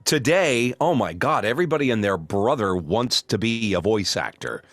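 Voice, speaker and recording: A middle-aged male voice actor telling stories in a casual interview, snarky and animated. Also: on the low side, normal speed, dry recording. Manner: storytelling, animated. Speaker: voice actor guest.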